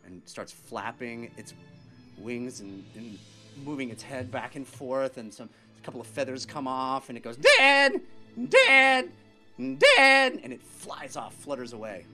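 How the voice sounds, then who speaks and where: Bright-voiced man narrating a tabletop game. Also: medium pitch, steady tone, moderate pace, faint music behind. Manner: vivid descriptive narration with restarts. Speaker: game master.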